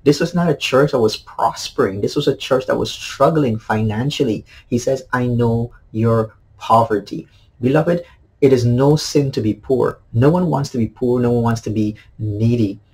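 A man's voice: medium pitch, moderate pace, a little mellow, husky, low-quality recording. A man, a pastor, giving a daily devotional sermon in an earnest way, repeating key phrases with many fillers.

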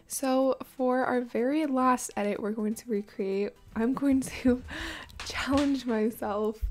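A woman's voice: fairly high pitch, warm tone. Tired, giggly young woman gamer. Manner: chatty, giggly, self-deprecating. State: tired morning voice. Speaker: gaming YouTuber. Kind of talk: casual gameplay commentary. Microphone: desk USB microphone.

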